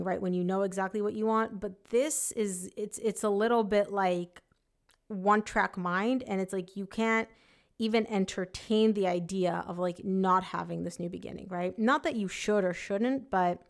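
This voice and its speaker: A woman giving a casual tarot reading, talking emphatically and often voicing her listener's thoughts. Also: mid-range voice. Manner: chatty, emphatic, voices the client's thoughts. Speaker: tarot reader.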